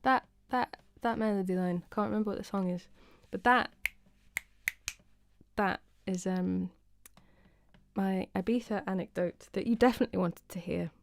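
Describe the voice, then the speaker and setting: A woman's voice: mid-range voice, moderate pace, creaky, slight background noise. A young woman from the UK hosting her weekly live stream, chatting casually and self-deprecatingly with viewers, greeting them by name and rambling through stories. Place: home, indoors.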